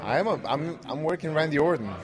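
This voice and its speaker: A man's voice: on the high side, animated, quick pace. Blunt man, crowd behind. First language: Bulgarian. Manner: blunt, confident short answers. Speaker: interview guest, pro wrestler. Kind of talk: casual interview.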